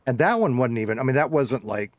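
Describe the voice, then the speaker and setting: Reading chat on stream, a middle-aged man with a Southern US accent jokes around and rambles through stories with his live viewers. He talks quickly in a sing-song, medium-pitched voice on a dry recording, and his drawl slides heavier and lighter.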